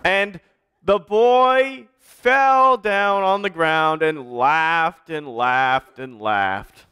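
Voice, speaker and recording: A man's voice: a little high, drawn-out words, sharp tone, smooth. A man, a pastor, telling a children's story during a church service and directing children to act parts out.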